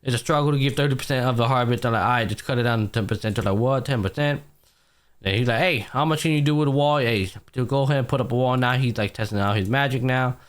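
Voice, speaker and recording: A man's voice: mid-range voice, quick pace, clean tone. A young man co-hosting a podcast, casually recapping an anime and acting out the characters' lines with plenty of slang and swearing. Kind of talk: casual chat.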